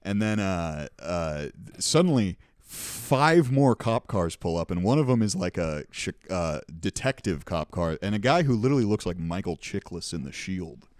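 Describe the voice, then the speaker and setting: A man's voice: low voice, very animated, moderate pace, few pauses, a little mellow, clear, resonant tone, no room sound, studio quality. A young man hosting a podcast, telling rambling, profane anecdotes in casual chat. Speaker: podcast host.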